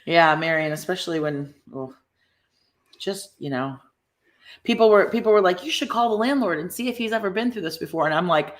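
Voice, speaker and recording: A middle-aged woman co-hosting a casual live stream, animated and laughing often as she reads viewer comments aloud. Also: on the low side, a little fast.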